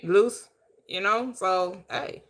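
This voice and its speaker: A woman's voice: medium pitch, takes it slowly, fairly bright tone. A woman hosting a casual online panel chat, blunt, teasing and preachy. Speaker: host.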